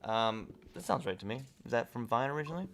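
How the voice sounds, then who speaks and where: Bright-voiced man hosting a game stream. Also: medium pitch, lively intonation, fast. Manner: reads viewer chat aloud and replies conversationally. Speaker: livestream host. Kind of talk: casual gaming stream chat.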